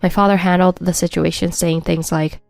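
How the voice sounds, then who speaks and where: A woman's voice: on the low side, level tone, normal speed, gravelly, no echo, soft background music. A woman narrating a first-person story in a wry, matter-of-fact scripted read.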